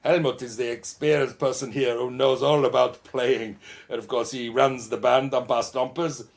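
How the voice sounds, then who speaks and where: A man's voice: mid-range voice, fairly even intonation, normal speed, creaky, voice pushed up, close to an everyday voice. A man voicing a jolly, boastful German party bandleader with a put-on German accent, mock-pompous and teasing.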